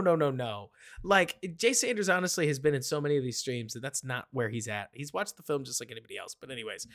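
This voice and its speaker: A man hosts a live sports stream in a fairly high voice. He rambles from point to point and answers viewers by name. His delivery stays animated and casual. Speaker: host of a live football stream.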